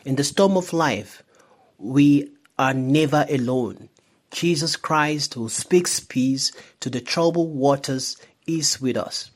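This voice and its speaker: A man, a priest, delivering a Sunday homily in a measured, reflective way. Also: mid-range voice.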